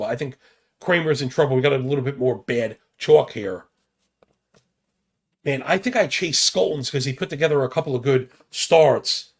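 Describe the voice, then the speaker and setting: A man's voice: a little high, creaky. A man hosting a sports betting podcast, rattling off stats in casual, slangy banter. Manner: rapid stat-heavy banter with slang.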